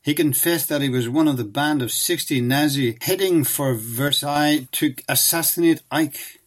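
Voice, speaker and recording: A man giving scripted documentary narration in a measured, even reading style. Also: fairly high pitch.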